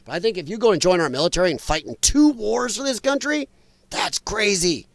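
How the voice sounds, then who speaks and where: A man hosting a live talk stream, chatting casually and bluntly as he reads and answers viewer comments, animated and quick to laugh. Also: high-pitched, creaky, dry recording. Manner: animated, blunt and opinionated, laughs and talks back to chat. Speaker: livestream talk show host.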